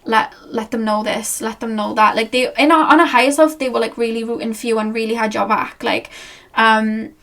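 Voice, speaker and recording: A woman giving a pick-a-card tarot reading, talking to the viewer in a rambling, earnest, gently reassuring way. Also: a little high, steady tone, a little fast. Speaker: tarot reader and channeler.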